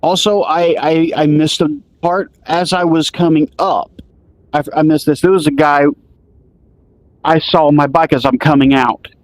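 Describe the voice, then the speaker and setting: A man's voice: a little high, fairly even intonation, normal speed, no room sound. A man casually telling a road story, rambling and restarting, acting out the dialogue he recalls. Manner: rambling, restarts often, acts out quoted dialogue.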